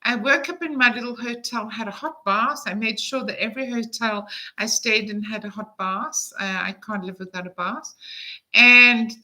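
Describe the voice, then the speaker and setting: A woman's voice: a little high, moderate pace, pushed and bright, low-quality recording. A woman in her fifties telling a travel story to camera in a chatty, enthusiastic way, with frequent fillers. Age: 50s. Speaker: travel vlogger.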